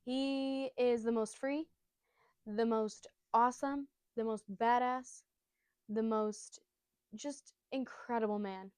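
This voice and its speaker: Brief: chatty woman recapping a story to camera, a little high, dry close sound. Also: steady tone, slow, darkish tone, clean tone, dry recording. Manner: bubbly, rambling, jokey asides. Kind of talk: casual retelling to camera.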